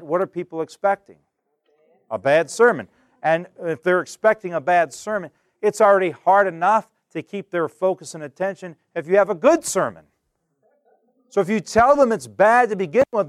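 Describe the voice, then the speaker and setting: A man teaching a class on giving Bible studies, lively and acting out examples while asking the class questions. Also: a little high, no echo, clean studio sound. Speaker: Bible study instructor.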